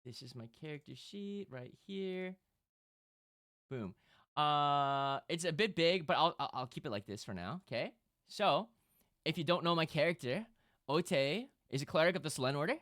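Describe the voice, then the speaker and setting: A man streaming live, chatting casually with his audience and breaking into loud bursts of laughter. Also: on the high side, animated, moderate pace, no echo, studio quality.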